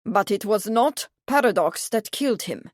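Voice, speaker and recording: A woman's voice: mid-range voice, animated, normal speed, darkish tone, no room sound, lightly acted. A portly royal prince with a guttural German accent, jovial and grand, as a woman puts him on. The recording is dry and close.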